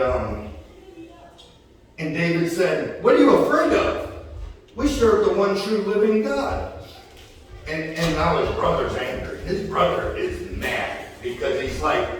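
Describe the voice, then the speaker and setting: A male preacher with a fairly high voice reads scripture and then retells it in loose, everyday speech, voicing the characters as he goes. He sounds distant from the mic, with a heavy church-hall echo ringing around him and a faint room hum underneath. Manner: retells scripture in casual paraphrase, acting out the characters. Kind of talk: sermon with scripture reading. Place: church sanctuary.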